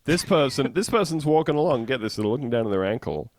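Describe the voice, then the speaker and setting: A man's voice: medium pitch, animated, fast, a little hiss or hum. Sarcastic Australian man riffing. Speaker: podcast co-host. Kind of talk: casual comedy podcast chat.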